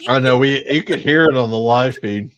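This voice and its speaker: A man co-hosting a casual podcast, chiming in with short agreements and a quick story. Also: mid-range voice, fairly bright tone, muffled recording. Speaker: podcast co-host. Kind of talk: casual chat.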